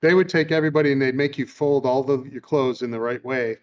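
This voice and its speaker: A man's voice: medium pitch, fairly even intonation, fast talker, lo-fi sound. A man hosting a podcast, telling amused stories in a casual chat and retelling a film. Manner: chatty, amused storyteller. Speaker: podcast host.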